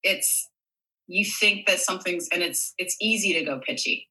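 A woman's voice: on the low side, moderate pace, pushed and bright, low-quality recording. A woman from Canada, a guest in a casual chat, talking freely with fillers and easy laughs. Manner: chatty, laughs easily, lots of fillers.

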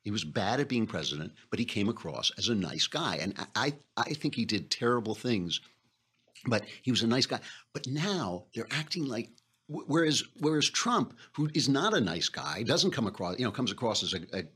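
Sarcastic male podcast host, husky and animated, quick to laugh. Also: mid-range voice. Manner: sarcastic, chatty, laughs often. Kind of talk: political commentary podcast.

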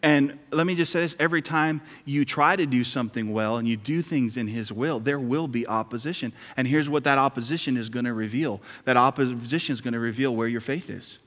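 A man's voice: medium pitch, a little fast, hardly any pauses, fairly bright tone. A male pastor preaching a sermon in a conversational, joking way, repeating key lines. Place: church sanctuary. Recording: hall reverb.

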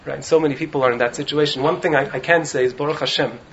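A man with a slightly raised voice gives a lively Torah talk to students in a study hall, often checking in with them. The recording is muffled and lo-fi, with faint noise underneath. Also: a little high, very fast. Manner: animated, keeps checking in with "right?". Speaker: rabbi teaching in a yeshiva.

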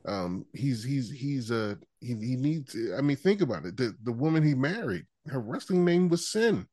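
A man co-hosting a casual wrestling podcast, animated and quick to laugh and mimic people. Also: mid-range voice, dry recording. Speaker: podcast co-host.

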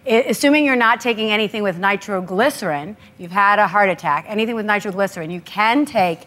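A woman's voice: medium pitch, quick pace, fairly bright tone. A woman doctor on a talk show panel, explaining the facts plainly. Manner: matter-of-fact, explanatory.

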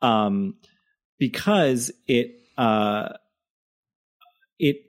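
A man's voice: mid-range voice, expressive. A man co-hosting a podcast, chatting casually about a TV episode, full of fillers and restarts. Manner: halting, many fillers and restarts. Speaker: podcast co-host.

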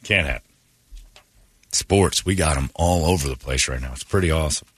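A man's voice: very deep voice, normal speed, very noisy. A man hosting a morning radio show, rambling through blunt, opinionated stories in casual chat from a studio mic.

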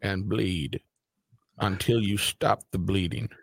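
A man putting on a rambling congressman, giving a slow, mock-solemn floor speech. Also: low voice, fairly even intonation, husky, no room sound, heavily acted.

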